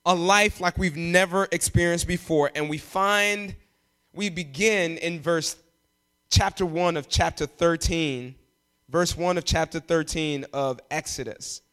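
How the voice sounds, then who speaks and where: A man preaching a sermon, emphatic and animated, often jumping up in pitch for emphasis. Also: unhurried, clean tone. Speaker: pastor.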